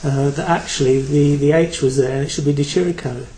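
A man's voice: fairly high pitch, fairly even intonation, a little fast, warm tone, low-quality recording. A man from Britain giving a Buddhist talk to a group, reflective and hesitant, with many fillers. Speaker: Buddhist teacher.

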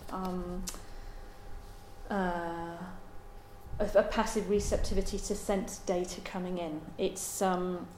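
A woman giving a Buddhist dharma talk in a halting, thoughtful way, with many pauses and ums. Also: lowish voice, flat delivery, a little mellow, a little hiss or hum. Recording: roomy echo.

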